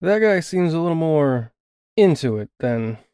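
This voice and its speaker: A man voicing a wary young woman who speaks quietly and guardedly under pressure. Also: on the high side, lively intonation, measured pace, clear, resonant tone, dry recording, clean studio sound, pitched above the performer's own voice. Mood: tense, guarded.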